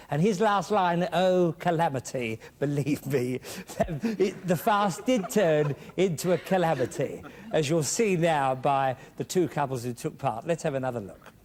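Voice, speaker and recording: A man's voice: fairly high pitch, darkish tone. A man hosting a game show in a jokey, chatty way, coaxing the contestants along. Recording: noisy TV studio recording.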